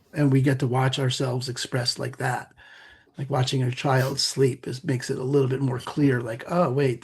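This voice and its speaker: A middle-aged man, a meditation teacher and podcast guest, explaining in a relaxed conversational way with playful asides. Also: medium pitch. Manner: gravelly, husky, animated with playful asides.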